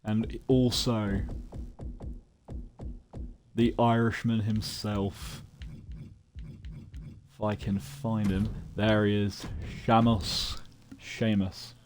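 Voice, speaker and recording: Male streamer, unhurried and easygoing, warm low voice, excitable joking commentary. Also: soft background music. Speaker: gaming streamer. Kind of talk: casual live-stream commentary.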